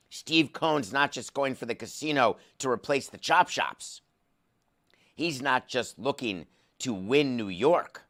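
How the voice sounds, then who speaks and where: A man's voice: mid-range voice, a bit bright. Sarcastic sports podcast host, a man. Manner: sarcastic, comic asides. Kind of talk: monologue.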